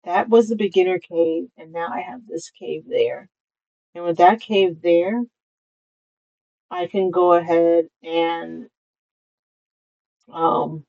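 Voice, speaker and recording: A woman's voice: fairly low pitch, a little mellow, lo-fi sound. A woman streaming a game, explaining quests in casual, rambling commentary. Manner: rambling, with many fillers.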